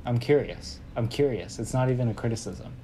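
Man, podcast co-host, casual chat, hesitant, lots of fillers, warm low tone. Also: a little fast, a little hiss or hum. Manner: rambling, hesitant, many fillers.

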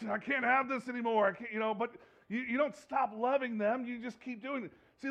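A man preaching a sermon, asking the congregation rhetorical questions and acting out what people say. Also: very high-pitched. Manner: animated, rhetorical questions, acts out quoted voices. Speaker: pastor.

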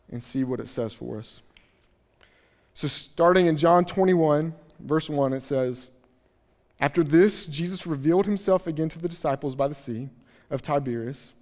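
A male pastor preaches in a fairly high voice, acting out the scripture scenes in casual, animated voices. His words ring out with a long reverb, as though spoken in a large hall. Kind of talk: sermon.

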